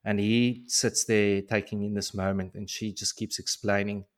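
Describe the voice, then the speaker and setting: A man co-hosting a podcast, casually recapping a book chapter as an animated, slangy storyteller. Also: on the low side, normal speed. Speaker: podcast co-host.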